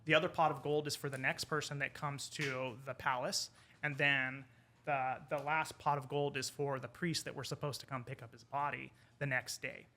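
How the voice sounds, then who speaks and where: A man, an English professor, telling a folk tale in casual conversation over wine, animated and quoting the characters. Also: mid-range voice, normal speed, a little hiss or hum. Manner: animated retelling with quoted character lines. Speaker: podcast guest, English professor.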